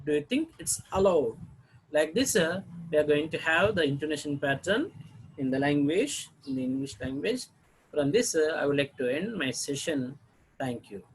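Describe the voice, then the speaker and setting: A man teaching a lesson on English intonation, reading example sentences with exaggerated rises and falls and pausing often to restart. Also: on the high side, animated, a little hiss or hum, low-quality recording. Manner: hesitant, with fillers and restarts.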